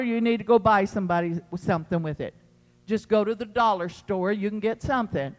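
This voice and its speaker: A pastor preaching a sermon to his congregation in an impassioned, emphatic way, swinging between loud pleading and quiet teaching. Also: extremely high pitch, in a large hall. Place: church sanctuary.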